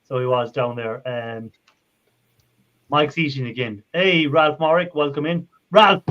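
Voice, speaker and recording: A man's voice: medium pitch, a little slow, a bit bright, slight background noise. An Irish man hosting a casual live chat, rambling and friendly, laughing often. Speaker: livestream host. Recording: dull lo-fi stream audio.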